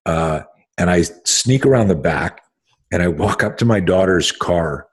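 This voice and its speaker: A middle-aged man with a low, husky voice tells a tense story on a podcast. He talks bluntly and intensely, swearing and restarting his sentences as he goes. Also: animated, measured pace. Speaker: self-defense instructor and podcast host.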